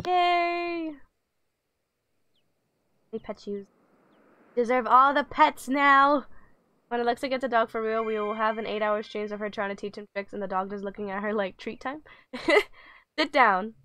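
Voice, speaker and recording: A woman's voice: medium pitch, fairly even intonation, a little fast, fairly bright tone, no room sound. A woman streaming a pet video game, coaxing her virtual dog with giggly, chatty commentary. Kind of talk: casual game livestream commentary.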